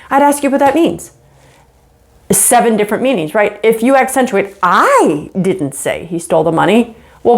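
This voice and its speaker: A woman teaching relationship skills straight to camera, emphatic and animated, often checking in with "right?". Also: a little high. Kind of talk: direct-to-camera teaching talk.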